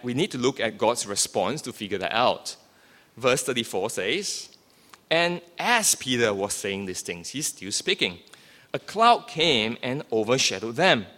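A man's voice: medium pitch, a bit bright. A man preaching a sermon, explaining scripture by asking questions and answering them himself. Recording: long reverb of a hall.

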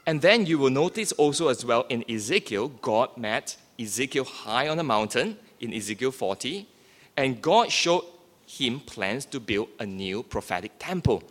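A man's voice: medium pitch, a bit bright. A man preaching a sermon, explaining scripture by asking questions and answering them himself. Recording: long reverb of a hall.

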